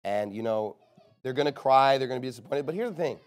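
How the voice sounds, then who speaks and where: A man preaching a sermon, moving between quiet, low passages and loud, emphatic ones and slowing down to stress key phrases. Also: animated.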